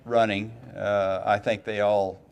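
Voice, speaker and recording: An older man as an interview guest, telling folksy stories and acting out quoted lines in lively voices. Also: on the low side, unhurried, gravelly, clean tone. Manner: folksy anecdotes, quoting others in lively voices. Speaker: interview guest, retired racing driver. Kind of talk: casual storytelling interview.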